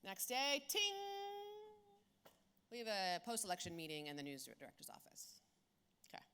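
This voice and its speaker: Bright, blunt-talking woman keynote speaker. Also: lowish voice, normal speed, smooth. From South Philadelphia. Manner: animated, blunt and profane. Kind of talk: comedic storytelling keynote.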